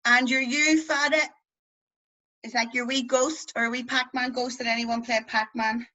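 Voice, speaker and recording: Bright-voiced Belfast woman teaching a class. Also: on the high side, fairly even intonation, normal speed, poor audio. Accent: West Belfast. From Northern Ireland. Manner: chatty and playful, drawing out vowel sounds to demonstrate. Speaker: Irish language teacher. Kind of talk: online beginners' language class. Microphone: video call.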